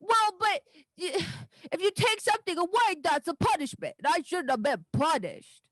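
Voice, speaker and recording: A woman voicing a sulky young girl who has lost her magic, whiny and halting, in a tabletop game. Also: very high-pitched, expressive, fairly bright tone, no room sound, voice pushed up. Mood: sulky, indignant.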